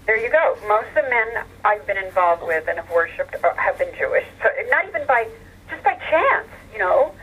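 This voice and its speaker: A woman's voice: mid-range voice, very animated, moderate pace, noisy background. An older woman telling stories from her childhood as a guest in a phone interview, chatty, with many fillers. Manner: chatty storyteller, warm laughs, many fillers. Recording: tinny phone line.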